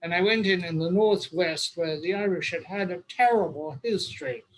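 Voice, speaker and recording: A man's voice: high-pitched, normal speed, low-quality recording. An older man with an English accent hosts an online roundtable, telling long, wry, humorous anecdotes. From England. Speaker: host. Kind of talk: anecdotal storytelling.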